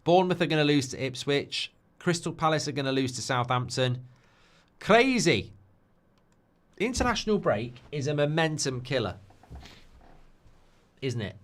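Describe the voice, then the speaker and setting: A chatty man with a voice on the high side hosts a live football watchalong stream, reacting casually to viewer messages. He's opinionated, fills his talk with tag questions like "haven't they?", and turns heated and ranty when driving a point home.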